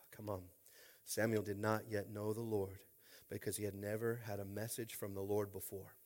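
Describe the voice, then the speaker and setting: A man preaching a sermon as a pastor, informal and jokey, dropping to quiet talk and then rising to shouting. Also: little pitch movement, normal speed. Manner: swings from quiet, low talk to loud shouting; informal, jokey, with repeated "are you with me?".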